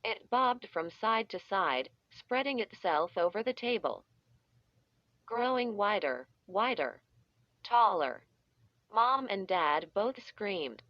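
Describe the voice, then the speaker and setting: A woman reading a children's story aloud in a deliberate way, stretching out the sound effects, with dull, slightly muffled audio. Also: medium pitch, lively intonation, fairly bright tone, dry recording. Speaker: audiobook reader. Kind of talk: scripted storybook narration.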